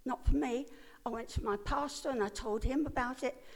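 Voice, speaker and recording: A woman's voice: high-pitched, moderate pace, vocal fry. An older woman telling her own story as a personal testimony, in an earnest, emotional way. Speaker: speaker giving a personal testimony.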